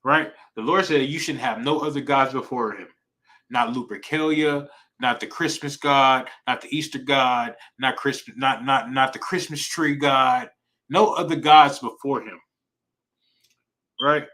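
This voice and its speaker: Man, Bible class teacher, street slang, repeats himself, keeps asking "right?", bright and forceful voice. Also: mid-range voice, fairly even intonation, normal speed, low-quality recording. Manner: repetitive, emphatic, slangy, asks "right?" often.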